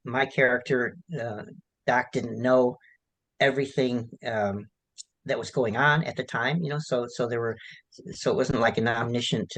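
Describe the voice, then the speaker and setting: A man, an author being interviewed, answering in a halting, rambling way with many restarts and fillers. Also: medium pitch, poor audio. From United States.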